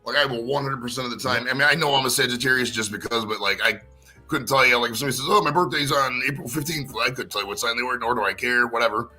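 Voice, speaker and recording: Guy ranting crude and animated, talks fast, bright sharp voice. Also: medium pitch, soft background music. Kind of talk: casual chat over whisky.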